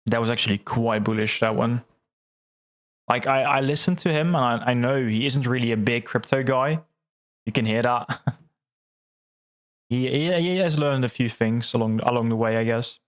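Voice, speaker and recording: A man hosting a livestream, chatting casually and reading out viewer comments, excitable, laughing often and repeating words. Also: mid-range voice, normal speed, long pauses. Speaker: livestream host.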